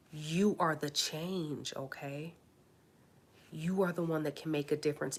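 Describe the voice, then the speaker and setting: A woman's voice: fairly low pitch, fairly bright tone. A woman life coach leading a live online workshop, talking emphatically, checking in with "okay?" and dropping to a whisper to stress points.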